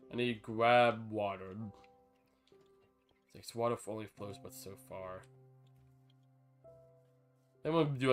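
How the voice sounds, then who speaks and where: A man chatting casually on a live gaming stream, rambling between thoughts and breaking into sudden excited outbursts. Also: on the low side.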